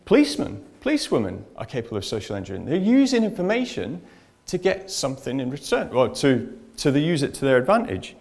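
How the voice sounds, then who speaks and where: A man speaking at a conference in front of a live audience. His delivery is chatty and anecdotal, and he speaks straight to the room. His voice sits at an ordinary middle pitch. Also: sing-song, fast talker, gravelly, a little mellow. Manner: chatty anecdotal storytelling, addresses audience directly. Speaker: information security speaker. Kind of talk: conference presentation.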